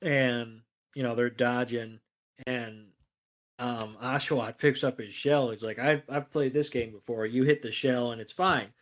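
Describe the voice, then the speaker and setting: A man's voice: medium pitch, a little slow. Laid-back man recapping with filler words. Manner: relaxed storytelling, quotes characters in a plain voice, frequent fillers. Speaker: podcast co-host. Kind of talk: casual episode recap chat.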